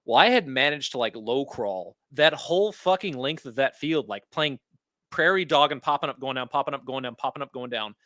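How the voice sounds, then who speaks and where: A man co-hosting a podcast, telling a story in an animated and profane way in casual chat. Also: mid-range voice, brisk, no room sound. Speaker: podcast co-host.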